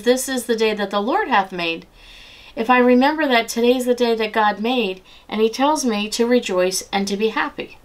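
A middle-aged woman giving a personal devotional talk, earnest and conversational, slowing down and softening when she repeats scripture. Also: fairly high pitch. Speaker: devotional speaker.

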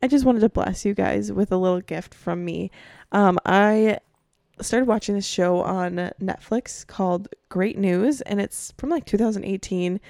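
A woman podcast host chatting casually, with lots of "like" and "um" and frequent laughs. Her voice has a gravelly fry at a middle pitch, recorded dry and close. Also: dark tone, no room sound. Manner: chatty, many fillers like "like" and "um", laughs often. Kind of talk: casual chat.

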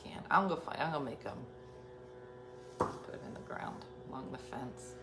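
A woman's voice: a bass voice, moderate pace, music in the background. A middle-aged woman telling a rambling personal story to her viewers, acting out the dialogue in changing voices and sometimes dropping to a whisper. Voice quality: chatty, animated, acts out dialogue in shifting voices and whispers. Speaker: vlogger. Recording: echoey room with faint background noise.

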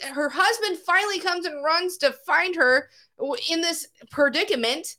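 High-voiced, animated, profane woman. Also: a little slow. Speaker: podcast co-host. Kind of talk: casual chat, animated storytelling.

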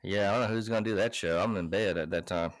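A man's voice: low-pitched, fast, background noise. A man co-hosting a podcast in casual chat, laid-back and crude, cracking jokes. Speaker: podcast co-host.

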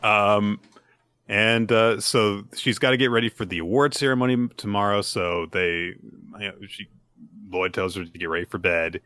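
Podcast co-host, male, chatty recapper who acts out characters' lines, bright voice. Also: lowish voice, normal speed, clean tone, dry recording. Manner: restarts and fillers. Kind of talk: casual chat recapping manga chapters.

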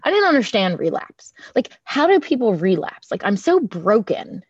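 A woman's voice: mid-range voice, big pitch swings, normal speed, husky. A woman talks openly about her own recovery, chatty and candid and ready to laugh at herself. She acts out the voices of the people she quotes. The sound is dull and lo-fi, with no room echo. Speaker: recovery group speaker. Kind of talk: personal recovery share.

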